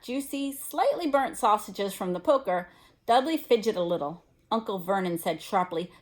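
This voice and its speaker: A woman teacher reading a novel aloud to students, expressive and stopping now and then to explain. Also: mid-range voice. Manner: expressive, pauses to explain to listeners.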